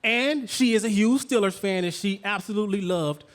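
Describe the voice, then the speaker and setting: A man's voice: high-pitched, moderate pace. A man hosting an interview show, asking questions casually and hyping up his guest, calling on the audience to cheer for her. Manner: hype-man, calls on the crowd to cheer. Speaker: host.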